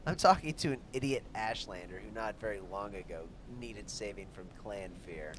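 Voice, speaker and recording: A man voicing a blunt, protective male tribal companion who swears when exasperated, in a fairly low voice. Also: animated, moderate pace, noisy background, close to an everyday voice.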